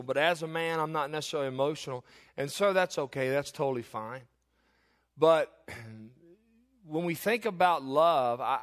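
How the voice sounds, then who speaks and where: A pastor in his forties preaching a sermon, telling stories and building in volume and pitch on key points, often restarting phrases. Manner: storytelling, swells louder and higher on key points.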